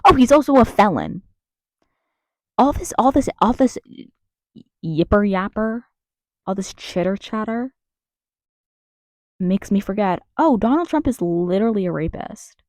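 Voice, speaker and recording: A woman's voice: mid-range voice, animated, a little slow, long pauses, darkish tone, no room sound, clean studio sound. A young American woman ranting angrily in a vlog, swearing and restarting her sentences, recorded in her closet. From United States. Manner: angry, swearing, rambling with many restarts.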